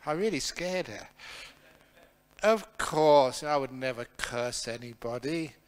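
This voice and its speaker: A man who is a Buddhist monk, giving a humorous question-and-answer talk with lively storytelling. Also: medium pitch, takes it slowly. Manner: humorous, chuckling, animated storyteller.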